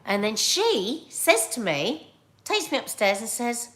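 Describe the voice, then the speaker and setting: A middle-aged woman with a British accent, hosting a casual livestream chat and telling stories in an animated, chatty way. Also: fairly high pitch, slow pace. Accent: British English. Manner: animated, chatty storytelling with laughs and asides. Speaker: livestream host reading viewer comments.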